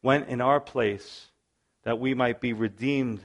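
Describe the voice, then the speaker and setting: A man's voice: mid-range voice, fairly even intonation, slow pace. A man preaching a sermon as pastor, moving between earnest prayer and conversational storytelling.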